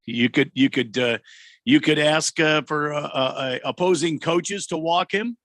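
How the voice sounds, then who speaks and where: A man co-hosting a sports radio show, chiming in with short, halting remarks in casual banter. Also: on the high side, fairly bright tone, dry recording, studio quality. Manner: halting, brief interjections. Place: radio studio.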